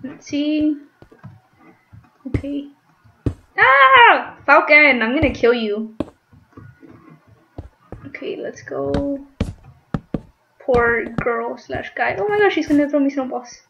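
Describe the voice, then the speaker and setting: Young female gaming host, high and unhurried, giggly commentary, lo-fi desk mic. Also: vocal fry. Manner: chatty, giggly, squeals when startled. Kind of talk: casual gameplay commentary. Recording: dull lo-fi mic with faint noise.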